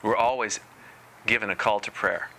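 A man leads a spiritual talk on meditation in a deep, unhurried voice. His tone is bright and forceful despite the slow delivery, and a gentle playfulness runs through his deliberate phrasing. A faint hiss sits behind him. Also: steady tone. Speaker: meditation teacher.

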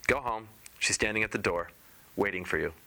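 A man voicing a brisk, matter-of-fact enchanted fish that grants wishes in a fairy tale reading. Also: lowish voice, bright, forceful tone. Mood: curt. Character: enchanted wish-granting fish, a former prince, curt.

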